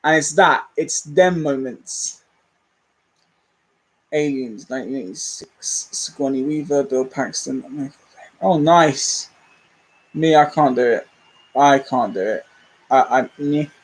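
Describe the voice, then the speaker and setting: A man's voice: mid-range voice, takes it slowly, long pauses, rough recording. A young man, rambling candidly and self-deprecatingly as a movie channel host in a casual livestream chat.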